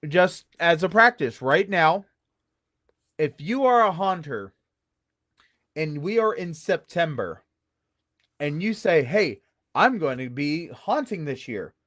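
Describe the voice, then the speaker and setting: A man talking as a guest about working haunted attractions, telling stories with playful swings between high and low voices. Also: a bit bright, no room sound, clean studio sound. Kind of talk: animated storytelling chat.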